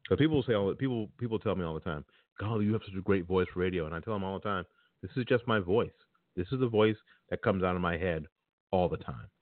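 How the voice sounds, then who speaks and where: A man's voice: low voice, fast talker, no room sound, narrow, tinny audio. A man hosting his own podcast talk show, chatting casually and bluntly to his listeners. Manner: blunt and opinionated, speaks directly to listeners. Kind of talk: casual spoken monologue.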